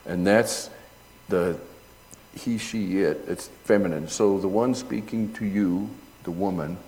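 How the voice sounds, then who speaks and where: Slow, low-voiced preacher in a reverberant hall. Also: male voice. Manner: slow and deliberate, rising to loud emphatic peaks. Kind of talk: sermon with Greek word study.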